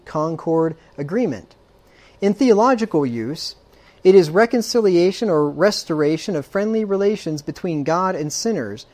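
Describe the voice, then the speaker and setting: Emphatic preacher with dry sarcasm. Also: male voice, on the high side, darkish tone. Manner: emphatic, frequent rhetorical "right?" checks. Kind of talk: sermon.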